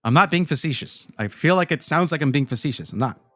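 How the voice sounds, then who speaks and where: A male streamer talks through PC builds in a loose, animated way, his voice sitting a little high and swinging widely in pitch. He wanders off topic and answers his chat as he goes. The sound is dry and close, with faint music underneath. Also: quick pace, dry recording. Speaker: streamer reviewing gaming PCs. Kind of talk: casual live-stream chat.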